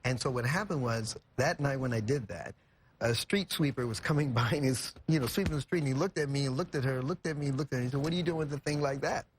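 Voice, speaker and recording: A man's voice: medium pitch, fast, slight background noise. A young man from California, a guest in a TV studio, telling an emotional story earnestly and reflectively, with many "you know" fillers. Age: young adult.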